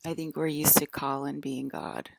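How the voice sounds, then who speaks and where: A woman talks in a loose, rambling monologue, filling her sentences with "like". Her voice sits low and carries a gravelly fry. The sound is dry and close, with no room around it. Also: very animated, normal speed, no room sound. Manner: rambling, heavy use of "like". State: close to tears.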